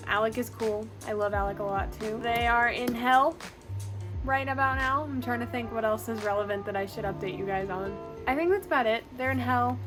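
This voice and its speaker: A woman chatting casually in a reading vlog, gushing and full of fillers. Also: a little high. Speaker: book vlogger. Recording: clear background music.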